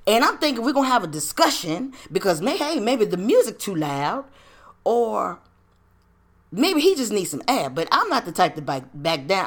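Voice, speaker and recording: A woman hosting a podcast, telling a personal story in casual, slangy, profane talk full of rhetorical questions. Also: medium pitch. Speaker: podcast host.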